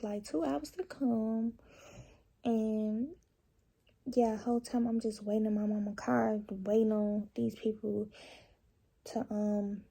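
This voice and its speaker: A woman's voice: fairly high pitch, vocal fry, mellow, breathy edge. A young woman vlogger telling a casual storytime, chatty and profane, talking straight to her viewers.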